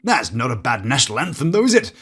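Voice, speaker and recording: Over background music, a fast-talking British man with a mid-range, very animated voice reviews reality TV. He is from Britain and speaks British English, giving sarcastic, jokey scripted commentary laced with mock-theatrical asides.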